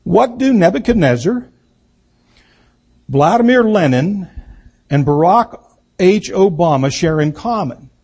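A man delivers a political speech at a deliberate, unhurried pace. His voice sits high for a man and has a husky edge. He leans on repetition, saying key words again and again for emphasis. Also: expressive, darkish tone. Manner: slow, emphatic, repeats key words for effect. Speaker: political speaker.

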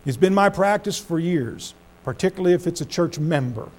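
A middle-aged pastor preaching with a fairly high voice. He swings from loud, emphatic phrases down to low, hushed ones, and his pace speeds up and slows down as he drives each point home. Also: lively intonation. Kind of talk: sermon.

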